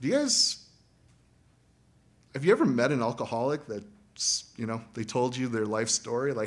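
A man preaching a sermon as pastor, animated and acting out quoted voices. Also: medium pitch, moderate pace, pauses often.

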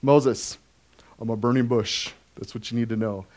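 A man voicing God speaking from a burning bush, with slow, solemn declarations. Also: medium pitch, steady tone, a little mellow, voice pushed down, close to an everyday voice.

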